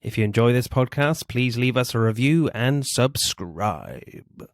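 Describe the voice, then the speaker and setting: A man's voice: mid-range voice, lively intonation, unhurried, noisy background. A man from England hosting a casual film podcast, jokey and sweary, laughing easily as he chats. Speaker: podcast host.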